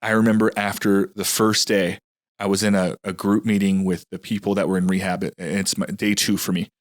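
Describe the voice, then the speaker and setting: A man's voice: deep voice, flat delivery, fairly quick, no echo, clean studio sound. A man in a casual podcast conversation, telling a personal story in an earnest, rambling way full of restarts.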